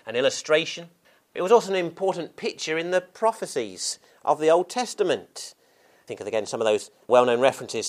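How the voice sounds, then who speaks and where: A man preaching a sermon, unhurried and earnest, often restarting and repeating words as he explains scripture. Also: medium pitch, fairly bright tone.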